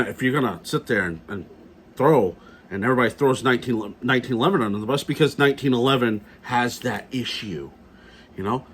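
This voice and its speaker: A man's voice: medium pitch, a bit bright, slight background noise. A middle-aged man ranting casually in a video blog, blunt and profane, repeating himself as he talks. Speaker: gun vlogger.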